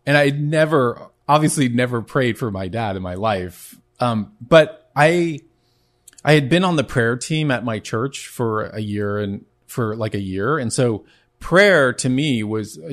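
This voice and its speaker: A man hosting his own podcast, telling a personal faith testimony in an earnest, halting way, often restarting his sentences. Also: medium pitch. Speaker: podcast host.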